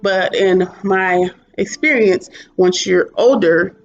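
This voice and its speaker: A woman talks straight to her camera in a loose, candid vlog, drifting into chatty asides. Her voice sits at a middling pitch. The recording is muffled and lo-fi, with faint guitar music underneath. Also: takes it slowly. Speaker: vlogger. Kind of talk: casual talking-head reflection. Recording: dull lo-fi sound with soft guitar music behind.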